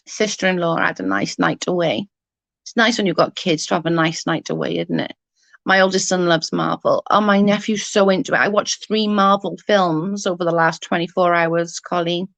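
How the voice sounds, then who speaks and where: A woman's voice: fairly low pitch, normal speed, creaky, no echo, low-quality recording. Middle-aged British woman, casual livestream chat, rambling, answering comments, dry close sound.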